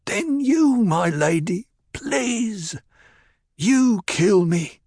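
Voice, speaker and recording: A man voicing a loyal veteran warrior-minstrel who speaks in a halting, pleading way. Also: mid-range voice, a little mellow, dry recording, clean studio sound, lightly acted. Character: grizzled male warrior-minstrel, loyal, brokenly emotional.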